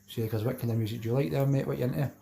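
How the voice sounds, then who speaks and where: Talking rapid-fire in a mellow, medium-pitched voice with vocal fry and a steady tone, a Glasgow man runs a relaxed fishing stream. He's chatty, reads viewer names aloud, and drops "mate" constantly.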